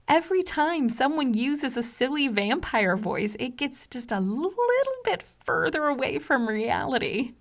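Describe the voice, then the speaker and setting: Measured woman narrating a video essay. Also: medium pitch. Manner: measured, analytical, explanatory. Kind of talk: scripted narration.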